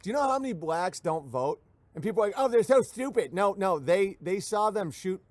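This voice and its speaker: Male livestream host, fairly high voice, dry close mic, sardonic rambling rants, jumps into mock voices. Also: animated, a little fast, dry recording. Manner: sardonic, acts out quoted voices mid-sentence. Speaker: livestream show host reading viewer messages. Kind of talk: rambling comedic rant.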